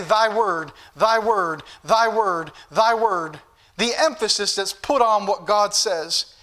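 A man preaching an evening sermon in a high, bright, forceful voice. He teaches earnestly and repeats key words for emphasis. He slows right down and lifts his voice when he reads verses aloud. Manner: slows down and rises in pitch when reading scripture aloud; earnest, repetitive teaching delivery.

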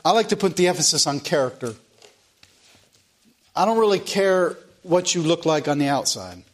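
A man with a fairly high voice preaches a sermon. He speaks earnestly and leans on repetition to press his points. His delivery is plain and direct. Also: big pitch swings, normal speed. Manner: earnest preaching, repeats phrases for emphasis. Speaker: pastor.

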